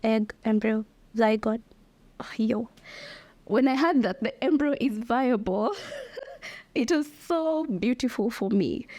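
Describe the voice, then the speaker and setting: A woman's voice: a little high, no echo. Candid young woman podcaster. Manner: candid, expressive, laughs often, addresses listeners as guys. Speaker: podcast host. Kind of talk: candid solo podcast talk.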